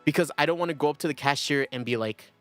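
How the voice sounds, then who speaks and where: A man's voice: fairly high pitch, fast talker, fairly bright tone. Rambling young man streaming with music. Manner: rambling, self-deprecating, often laughs. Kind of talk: casual livestream chat.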